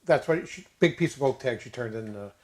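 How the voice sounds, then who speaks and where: An older man co-hosting a casual chat, halting with many fillers and restarts, dropping jokey asides. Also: medium pitch, expressive. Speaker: co-host.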